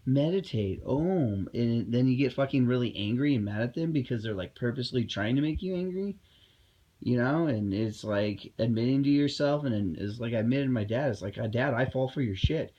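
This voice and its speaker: Man, casual vlog rant: rambling and frustrated, filler-heavy, mid pitch, slightly dull home recording. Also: fairly quick. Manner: rambling, heated, many fillers and restarts. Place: at home indoors.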